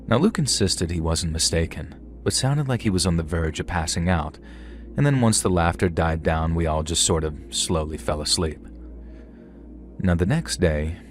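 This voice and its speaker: A man narrating a first-person horror story in a conversational tone with dry humour. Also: low-pitched.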